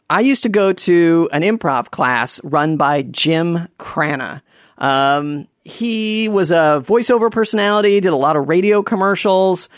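A man telling a personal story to an audience in a self-mocking, halting way, with many restarts. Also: a little high, no echo, clean studio sound.

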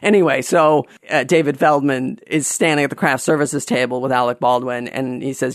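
A man hosting a casual monologue, rambling and going off on tangents, sometimes ranting with animated exasperation. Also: medium pitch, moderate pace, hardly any pauses, no echo, clean studio sound. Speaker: podcast host.

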